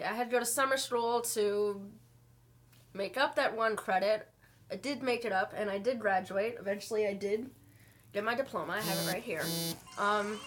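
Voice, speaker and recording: A young woman talking to her camera in her bedroom, telling an emotional story slowly and haltingly while fighting back tears. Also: mid-range voice. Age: young adult. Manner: halting, slow, many pauses and fillers. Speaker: vlogger.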